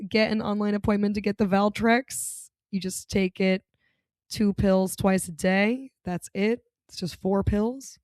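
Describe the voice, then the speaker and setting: A woman's voice: mid-range voice, a little mellow, clean tone, no room sound. Chatty campy young woman host. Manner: chatty, campy, sarcastic asides with frequent laughs. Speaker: podcast host. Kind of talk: casual comedic monologue.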